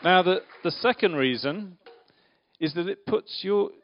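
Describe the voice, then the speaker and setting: A man's voice: high-pitched, animated, a little slow. A man giving an interactive church talk, playfully questioning the audience and directing a volunteer. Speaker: preacher giving a children's talk. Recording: dull lo-fi sound.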